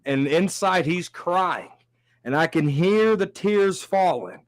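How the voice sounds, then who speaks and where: Energetic sports stream host man. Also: sits high, slow, no echo. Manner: animated, reads viewer comments aloud. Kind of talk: live-stream sports talk.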